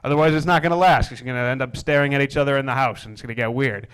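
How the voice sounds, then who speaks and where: A young man performing a stand-up comedy set, deadpan with wry asides that build into exasperated rants. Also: medium pitch, racing. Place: comedy stage before a live audience.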